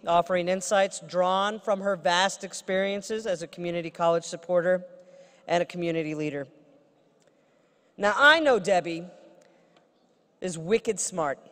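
A woman who is a state senator gives a formal ceremonial introduction at a podium with playful asides. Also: medium pitch. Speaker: state senator presenting an honorary degree. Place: large ceremony hall. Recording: reverberant ceremony hall.

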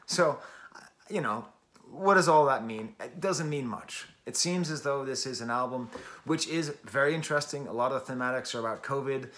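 A man's voice: mid-range voice, normal speed, fairly bright tone. A man hosting a casual music review, talking enthusiastically and chattily with self-deprecating asides.

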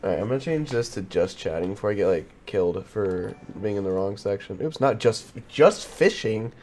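A man's voice: lowish voice, expressive, a little fast, dark tone, a little hiss or hum. A young man chatting casually on a livestream, reading out viewer questions. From Texas. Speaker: streamer reading chat.

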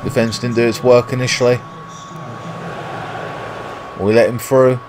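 Over noisy background sound, a man from Britain with a British accent narrates his own football game as a gaming YouTuber. His mid-range voice barely shifts in pitch and he speaks unhurriedly, though he curses frequently and talks to himself out of frustration.

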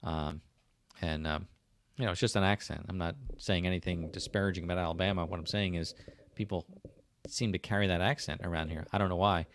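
A man's voice: low voice, steady tone, fairly quick. A man with a South Jersey accent hosting a casual livestream, rambling with many fillers and restarts as he answers viewer comments. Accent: South Jersey / Philadelphia. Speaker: livestream host.

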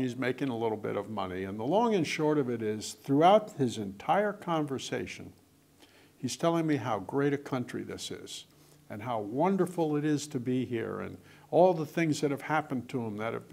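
A man's voice: medium pitch, creaky, darkish tone. An older man, an author, chatting and telling anecdotes with lots of quoted dialogue. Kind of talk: casual storytelling in conversation.

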